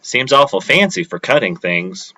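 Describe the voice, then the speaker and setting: A man's voice: mid-range voice, big pitch swings, moderate pace, sharp tone. A man reading aloud, voicing a playful, teasing young woman who works in his office.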